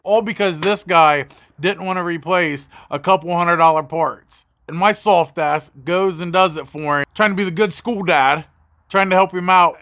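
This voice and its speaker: A man's voice: high-pitched, dry recording. A man who works as a mobile mechanic tells a story casually and with energy. He swears freely and acts out the dialogue. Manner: animated and profane, acting out dialogue.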